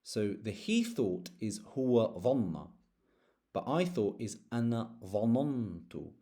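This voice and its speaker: A dark-toned man's voice of medium pitch guides listeners through Arabic grammar. Patient and explanatory, he lays out roots letter by letter and conjugates verbs one form at a time.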